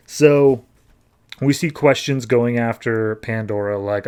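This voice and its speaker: Male podcast host, casual comic recap, offhand and breezy, mid-pitched voice. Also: slow pace, a little mellow, smooth. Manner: offhand, breezy storytelling full of "like".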